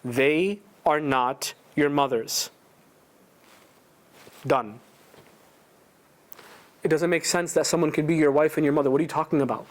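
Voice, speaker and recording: A man's voice: fairly high pitch, measured pace, pauses often. A man teaching a casual religious lesson at a prayer center, talking conversationally and quizzing his listeners with rhetorical questions. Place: indoor community prayer center.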